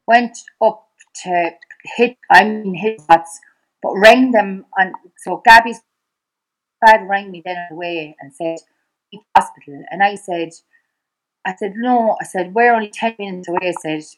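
A middle-aged Irish woman, a podcast guest, retelling events in conversation. She talks in a fast, halting way, acting out past dialogue with many restarts. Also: mid-range voice, rough recording. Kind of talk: personal storytelling in conversation.

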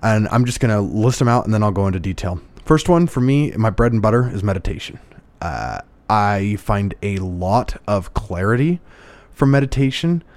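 A man's voice: lowish voice, big pitch swings, moderate pace, darkish tone, no room sound. A man talking in a casual conversation, reflective and storytelling, with frequent restarts.

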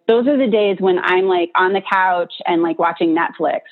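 A woman therapist teaching in a relaxed, conversational way, peppering her points with "like" and "right?". Her voice sits a little low. The sound is thin and tinny, like a phone line. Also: normal speed. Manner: chatty, lots of "like" and "right?" tag questions. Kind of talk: casual explanatory teaching talk.

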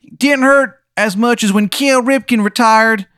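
A high, wailing reborn dead guy. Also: fairly bright tone, clean tone, dry recording, studio quality. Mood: moaning. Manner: moaning, drawn-out wails. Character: whiny murdered man reborn, groaning in pain.

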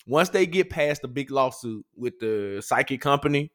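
A man co-hosting a podcast, talking in animated casual chat and laughing often as he tells stories. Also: mid-range voice, moderate pace. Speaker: podcast co-host.

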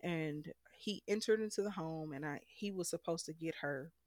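Candid woman with a low voice. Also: normal speed, a little mellow, no room sound, clean studio sound. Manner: candid, emphatic, frank. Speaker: guest telling her story. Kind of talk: emotional personal storytelling.

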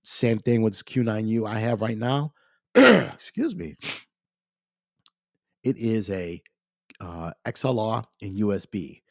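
A man hosting a podcast, talking casually about equipment while congested and clearing his throat, often calling his listeners "ladies and gentlemen". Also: on the low side, animated, slow pace, pauses often, no room sound, clean studio sound. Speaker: podcast host. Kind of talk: casual gear talk.

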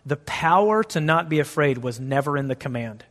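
A man with a fairly high voice preaching in a lively, conversational style, often turning to his listeners with questions. His words carry a long echo, as if spoken in a big hall. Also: moderate pace. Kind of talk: sermon.

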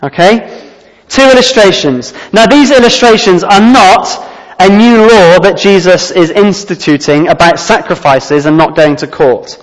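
A man's voice: high voice, measured pace, big-room sound, poor audio. A man preaching a sermon, earnest and emphatic, repeating his key phrases.

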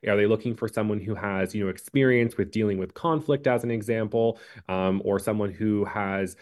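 A man answering interview questions about job hunting in a measured way, with frequent ums and uhs. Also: on the low side, a little mellow. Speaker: career advice guest.

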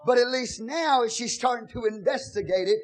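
A pastor with a very high voice and a drawl, preaching to his congregation. He drops into a low, confiding tone to retell scripture, then rises into shouted, half-sung cries. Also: normal speed. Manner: swings from soft storytelling to shouted, sing-song preaching. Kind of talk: sermon.

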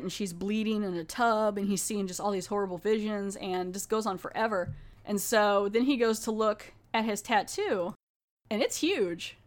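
Casting: woman podcast host, casual chatty recap, mid pitch, lively storytelling. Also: moderate pace. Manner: chatty, animated retelling with quoted voices. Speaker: podcast host reviewing a TV episode.

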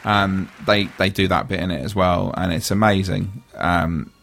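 A man's voice: low voice, steady tone, moderate pace, gravelly, a bit bright. A man hosting a casual chat, rambling and joking as he talks. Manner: chatty, rambling, jokey. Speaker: podcast host.

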